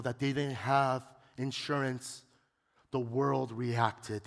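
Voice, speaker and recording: Gravelly preacher guy telling a story, builds up to big impassioned bits, hall echo. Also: medium pitch. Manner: dramatic storytelling, swelling to impassioned peaks. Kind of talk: sermon.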